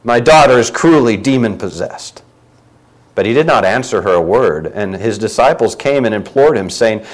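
Guy preaching a sermon, voice jumps all over, gets loud then drops way down quiet. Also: normal speed, poor audio. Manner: animated, swinging from loud emphatic lines to quiet low ones; reads scripture aloud with rising emphasis.

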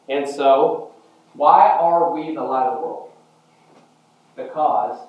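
A man preaching a sermon, emphatic, swinging from quiet explanation to loud declaration. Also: mid-range voice, steady tone, normal speed. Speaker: pastor. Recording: roomy, dull sound from a distant mic.

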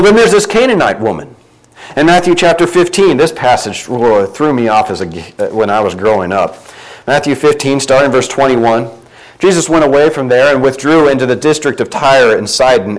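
A man preaching a sermon, reading scripture aloud and swinging between loud emphatic lines and quiet low ones. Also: poor audio.

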